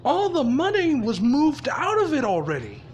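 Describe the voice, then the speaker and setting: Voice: high-pitched, huge pitch swings, normal speed, muffled recording, a little hiss or hum. A person casually telling a rambling fan story, swearing often and laughing along.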